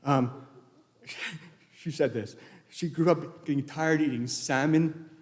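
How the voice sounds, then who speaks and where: In a large church sanctuary, a man delivers a eulogy for his late wife, telling rambling, anecdotal stories and restarting often. His voice is on the high side and slow, and the church hall echoes.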